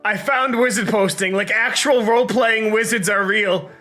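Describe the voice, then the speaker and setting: A man's voice: high voice, normal speed, pushed and bright, faint music behind. A man co-hosting a casual comedic chat, playful and laughing often. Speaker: co-host.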